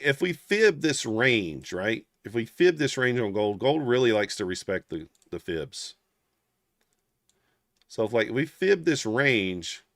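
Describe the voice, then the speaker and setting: A low-voiced man talks through his trades live and casually, often trailing off into quiet asides. His voice is close to the mic and completely dry. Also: no echo. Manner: thinking aloud, casual, murmured asides. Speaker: trading livestream host. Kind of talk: live trading commentary.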